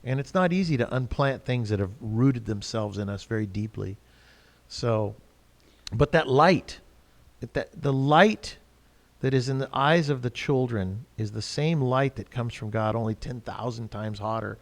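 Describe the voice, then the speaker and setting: Male host, thoughtful and unhurried, recorded with a lingering hall echo. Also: medium pitch. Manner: reflective, calm, halting. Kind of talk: spiritual discussion. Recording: long hall reverb.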